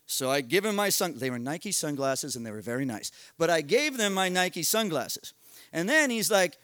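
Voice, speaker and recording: A middle-aged American man tells a comic story live, rushing through run-on sentences with profanity and self-mockery. His voice sits high, and the sound is close and dry with no room echo. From United States. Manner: animated, profane, self-mocking, builds tension with quick run-on narration. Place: live storytelling event at a bar.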